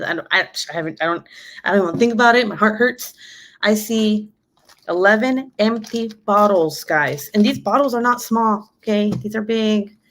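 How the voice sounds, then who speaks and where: A young mother chats straight to her viewers while working on a diamond painting. She tells the story casually, swears freely and laughs at her own troubles. She acts out what her kids and she herself said. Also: medium pitch. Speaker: vlogger, mother of three boys.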